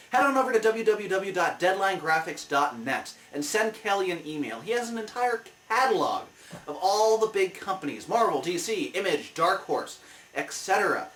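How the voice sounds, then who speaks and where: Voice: mid-range voice, a bit bright. A comic review show host giving a heated, exasperated movie review rant. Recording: roomy, mic at a distance.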